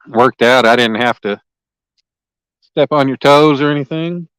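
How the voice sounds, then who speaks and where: A man's voice: fairly high pitch, expressive, unhurried, gravelly, clean tone, no room sound, poor audio. A man, hosting a fishing livestream outdoors and chatting casually and folksily with viewers by name. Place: lakeside outdoors.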